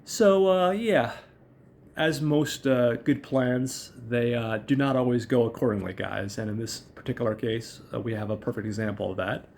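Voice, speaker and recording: A man's voice: mid-range voice, normal speed, vocal fry, a little mellow, slight background noise. A man hosting a casual show and recapping a film in a chatty, rambling, profane way. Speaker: podcast host.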